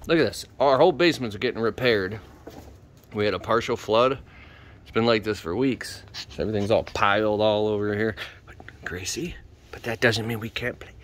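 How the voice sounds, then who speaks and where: Playful man teasing his dogs. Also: slight background noise. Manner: swings between hushed whispers and excited high shouts; talks to his dogs in baby talk. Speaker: dog owner filming his pets. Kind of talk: casual chat. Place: home basement.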